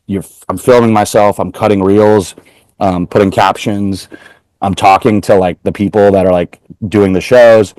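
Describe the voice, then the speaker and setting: A man's voice: low voice, darkish tone, no echo. A man from Portland, Oregon, a comedian being interviewed, telling stories casually with lots of "like" and quoted back-and-forth. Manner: chatty, heavy use of "like", retells exchanges in quoted voices. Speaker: comedian guest.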